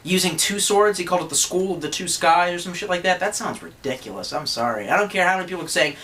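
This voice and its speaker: A young man talks into his camera mic at home, his voice a little high and bright with a sharp edge. He rambles through his review, swearing freely and making crude jokes at his own expense. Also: lively intonation, fast talker, few pauses. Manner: profane, joking, self-deprecating, rambling. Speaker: YouTuber reviewing swords. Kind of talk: casual rambling vlog review. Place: room at home, indoors.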